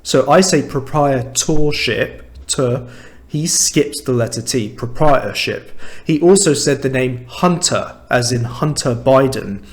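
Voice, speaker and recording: A man from England with a standard southern British accent, explaining clearly and slowly in an English lesson. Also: medium pitch. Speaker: English teacher. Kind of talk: language lesson to camera.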